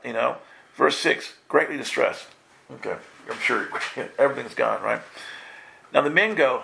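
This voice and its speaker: A man preaching a lively live sermon, playful and quizzing his congregation. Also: medium pitch, moderate pace, creaky. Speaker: pastor.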